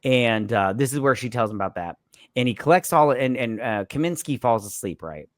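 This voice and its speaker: A man's voice: medium pitch, expressive, fairly quick, dry recording. A man in the middle of his range retells a movie plot over drinks, rambling and slipping into "he's like" to act out each character. He sounds a little tipsy. The recording is dry and close. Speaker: podcast co-host. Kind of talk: casual movie recap.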